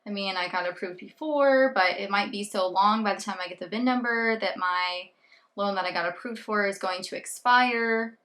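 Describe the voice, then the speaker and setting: A young adult woman vlogging casually, telling a story in an animated way and acting out her own thoughts and what others told her. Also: mid-range voice, normal speed.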